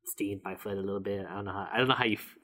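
A young man, co-host of a casual chat podcast, telling a personal story in an animated way and laughing often. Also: lowish voice, rapid-fire.

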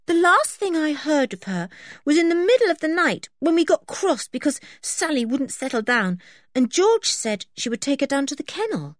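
A woman voicing a sensible young girl in a storybook reading, speaking in a high, bright girlish voice. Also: very animated, normal speed, no echo, clean studio sound. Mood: sleepy.

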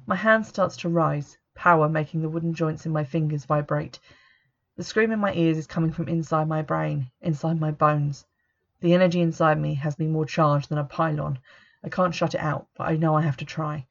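A woman reading a first-person audiobook in a steady, measured way. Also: low voice, gravelly. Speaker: audiobook narrator. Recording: dull lo-fi recording.

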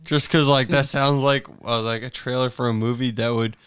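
A man's voice: mid-range voice, steady tone, moderate pace, a bit bright, clear, resonant tone, dry recording, clean studio sound. A young man joking with friends in casual banter during a group game. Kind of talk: casual chat.

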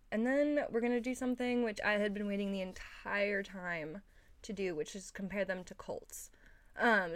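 A woman's voice: mid-range voice, no room sound. A woman hosting a podcast and introducing the episode in a breezy, playful way. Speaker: podcast host.

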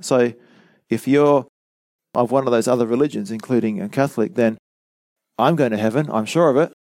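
A man's voice: mid-range voice, a little fast, a little mellow, no room sound. A man giving a teaching sermon, earnest and emphatic, who explains with rhetorical questions and repeated lines. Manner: rhetorical questions, acts out quoted voices. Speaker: preacher.

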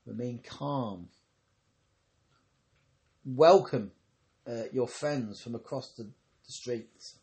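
A man voicing a squeaky, excitable young male ruler who bellows announcements through a loudspeaker. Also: extremely slow, pauses often. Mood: proclaiming.

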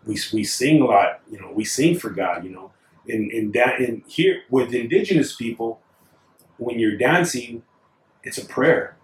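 A man in casual conversation, talking haltingly and earnestly with many fillers. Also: medium pitch. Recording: echoey room, distant mic.

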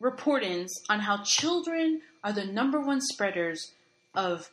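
A woman co-hosting a podcast, chatting casually and sarcastically, telling animated stories. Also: medium pitch, unhurried, slight background noise, low-quality recording. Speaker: podcast co-host. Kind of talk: casual chat.

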